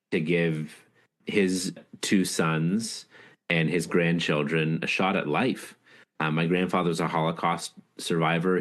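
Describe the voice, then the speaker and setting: Male author guest, very low voice, earnest, reflective storytelling. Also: fairly bright tone. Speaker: author and leadership speaker, guest. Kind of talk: casual interview storytelling.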